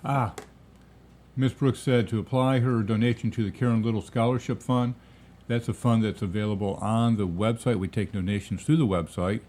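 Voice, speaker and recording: A man's voice: fairly low pitch, moderate pace. A man co-hosting a live painting stream, chatting casually and reading out viewers' questions. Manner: relaxed, talking to viewers.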